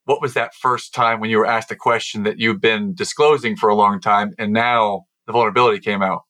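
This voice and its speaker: Male podcast host, lowish voice, earnest and reflective interviewer. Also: steady tone, brisk, bright, forceful tone. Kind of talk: conversational interview questions.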